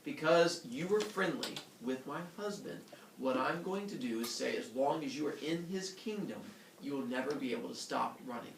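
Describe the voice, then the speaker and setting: A man's voice: medium pitch, lively intonation, normal speed, gravelly, noisy background. A man voicing a jealous queen goddess who lays down a curse in a mock-menacing way. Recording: echoey room from a distant mic.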